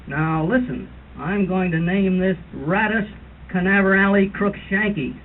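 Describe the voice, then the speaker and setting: A man's voice: high voice, a little slow. A man doing a know-it-all bird-walk leader. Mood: lecturing. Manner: mock-authoritative lecturing, imitates bird calls. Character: fussy older male birding tour leader. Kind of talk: comic impression at a roast dinner. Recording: tinny lo-fi 1970s tape with hiss.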